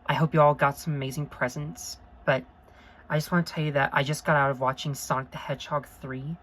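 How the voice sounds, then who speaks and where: A woman's voice: deep voice, level tone, fairly quick, fairly bright tone, a little hiss or hum, low-quality recording. A woman talking to camera in an unscripted review vlog, earnest and rambling, gushing with emotion and often apologizing. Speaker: vlogger.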